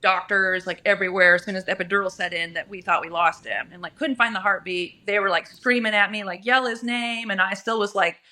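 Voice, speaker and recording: A young woman from Nebraska talks candidly in a casual chat. She tells a long personal story at a medium pitch and acts out bits of what others said. Her speech is loose and conversational. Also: quick pace, hardly any pauses. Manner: candid, animated, acts out quoted voices. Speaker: podcast guest.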